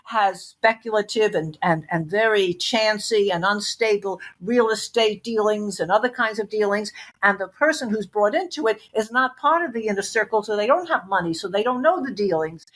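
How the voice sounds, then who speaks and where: A woman's voice: mid-range voice, moderate pace, hardly any pauses, fairly bright tone. A woman interview guest giving intense, emphatic testimony, repeating phrases for weight.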